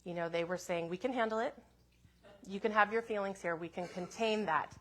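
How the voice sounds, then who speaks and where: A woman minister telling a personal story in a sermon, in a gentle, reflective way with soft asides. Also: medium pitch, a little fast.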